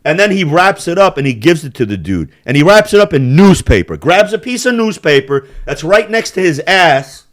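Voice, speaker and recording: A male podcast host in crude, casual chat. His pitch swings a lot as he tells animated stories, full of swearing and frequent laughter. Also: moderate pace, few pauses, dry recording, studio quality.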